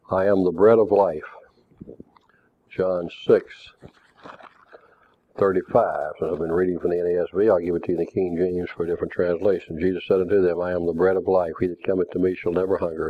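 A man preaching a Bible lesson, measured and reading scripture passages aloud. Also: sits low, no echo. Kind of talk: Bible teaching. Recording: tinny phone-like recording.

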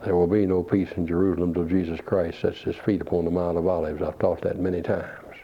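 A man's voice: low-pitched, flat delivery, a little fast, husky. A man preaching a sermon, asking rhetorical questions and quoting scripture. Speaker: pastor. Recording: dull lo-fi recording.

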